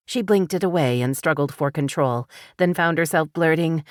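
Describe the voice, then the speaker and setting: A woman reading a novel aloud as an audiobook narrator, in a measured, even storytelling manner. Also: deep voice, no echo, clean studio sound. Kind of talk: scripted narration.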